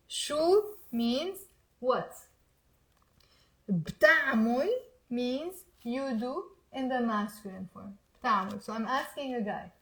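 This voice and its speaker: In a casual language lesson, a Lebanese-accented woman from Mount Lebanon teaches Arabic with a lively, slightly high voice. She repeatedly urges the learners to say the words aloud along with her.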